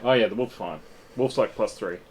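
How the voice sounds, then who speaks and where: A man's voice: lowish voice, fairly quick, a little mellow, a little hiss or hum. Man, tabletop player, joking, self-deprecating, casual chat.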